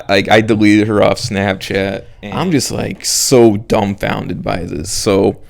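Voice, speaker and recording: A man's voice: lowish voice, creaky. A young man vlogger telling a story to camera in a casual, profane, rambling and incredulous way.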